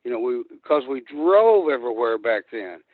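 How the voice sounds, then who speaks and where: An older man spins long, profane road stories, phoning in on a thin, tinny line. His pitch sits in an ordinary middle range. The sound is dry, with no room around him. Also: big pitch swings, normal speed, dry recording. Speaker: guest wrestler. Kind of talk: storytelling on a phone-in. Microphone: phone.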